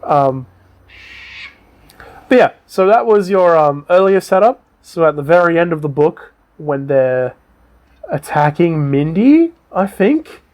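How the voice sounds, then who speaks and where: A man with a fairly high voice, chatting casually as a co-host. He retells scenes with lots of energy and swears freely. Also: slow pace. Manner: animated retelling with acted quotes, swears freely. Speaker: podcast co-host. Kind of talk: casual chat recapping a book and show.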